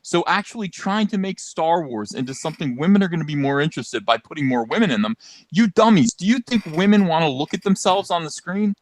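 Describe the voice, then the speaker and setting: A man co-hosting a podcast, ranting in a loud, mocking, animated way with sarcastic asides, into a studio mic. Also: fairly high pitch, quick pace, few pauses, no room sound. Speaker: podcast co-host. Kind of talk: casual ranting commentary.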